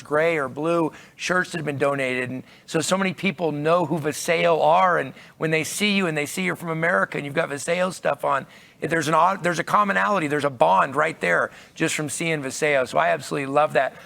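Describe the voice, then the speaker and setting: An enthusiastic man emcees from a convention stage, his voice a little high and gravelly. He piles up phrases, restarts and repeats words as he rallies the audience. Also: pushed and bright.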